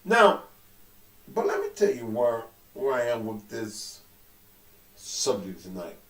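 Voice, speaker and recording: Male host with a cold; slow, profane, emphatic delivery; roomy echo. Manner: profane and emphatic, swings from low to loud. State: suffering with a cold. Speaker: show host. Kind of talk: casual talk-show commentary. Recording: echoey room.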